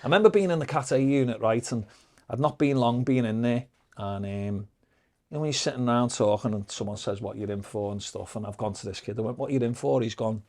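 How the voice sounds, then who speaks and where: A man's voice: mid-range voice, a little fast, darkish tone. A man with a Liverpool accent, a podcast guest telling stories in casual, heavily sworn talk, acting out the exchanges he quotes. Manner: heavy swearing, acts out quoted exchanges. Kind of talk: casual storytelling.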